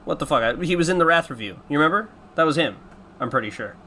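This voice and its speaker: A man's voice: fairly high pitch, animated, fast, sharp tone, a little hiss or hum. A man hosting a casual commentary, talking in a profane, self-mocking, rambling way. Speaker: podcast host. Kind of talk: casual commentary on his old videos.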